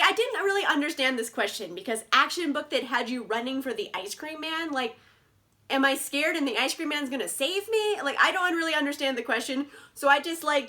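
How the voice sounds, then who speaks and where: A bubbly young woman chatting about her favourite books, her voice high and bright. She gushes and peppers every sentence with "like". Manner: bubbly, gushing, lots of "like" fillers. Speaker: book vlogger. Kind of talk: casual chat.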